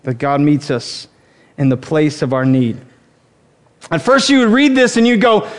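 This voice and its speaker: A married man preaching a sermon, humorous and animated, acting out quotes as he teaches. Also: a little high, unhurried, pauses often. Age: adult, married. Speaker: pastor.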